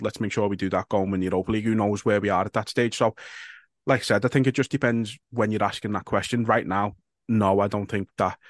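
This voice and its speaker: Chilled bloke on a footy pod, wry and sweary, dead dry sound. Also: male voice, fairly low pitch, no echo. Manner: laid-back, sweary, wry. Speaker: podcast co-host reading listener questions. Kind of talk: casual football chat.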